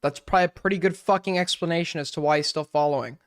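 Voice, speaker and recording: A man's voice: on the high side, rapid-fire, clean tone. A man live-streaming casual commentary as he reacts to videos, blunt and sarcastic, swearing freely.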